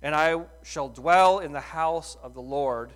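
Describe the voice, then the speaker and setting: A middle-aged man preaching a sermon in a folksy, animated way, full of rhetorical questions. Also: a little high, a little slow. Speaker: pastor.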